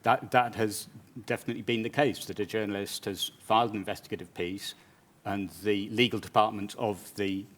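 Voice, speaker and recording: A British man, a journalist interviewing a guest on stage, speaking in a measured, reflective way with some stammered restarts. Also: on the low side, steady tone, a bit bright. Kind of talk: conference interview.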